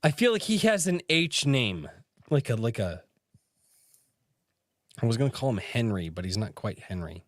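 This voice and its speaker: A man's voice: medium pitch, big pitch swings, normal speed, long pauses, dry recording, clean studio sound. A man hosting a casual livestream podcast, rambling and swearing as he chats with his audience. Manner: rambling, swears often, frequent restarts. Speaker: podcast host.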